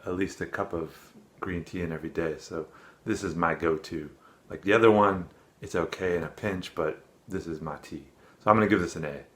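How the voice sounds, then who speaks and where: Out of breath, a man with a deep, slightly bright voice reviews teas in a casual vlog. He rambles along in a chatty, self-deprecating way.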